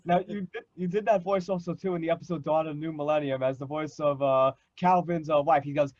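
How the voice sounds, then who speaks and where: A man hosting a fan panel, enthusiastic and polite, halting often with fillers. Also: fairly high pitch, fairly even intonation, a little mellow, no room sound. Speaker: host. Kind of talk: casual chat. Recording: dull, dry sound.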